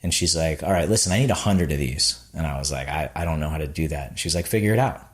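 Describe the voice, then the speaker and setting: A man's voice: rumbling low, animated, fast. A man, a podcast guest, telling his founding story casually and acting out the people he quotes, with many "like"s. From Florida.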